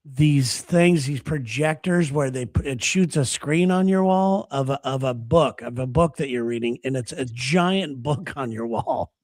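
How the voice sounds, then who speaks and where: A man's voice: mid-range voice, measured pace, hardly any pauses, a little mellow, dry recording, studio quality. A man hosting a casual talk show, telling stories and laughing as he talks. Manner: storytelling, laughs while talking. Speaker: radio show host. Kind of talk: casual chat.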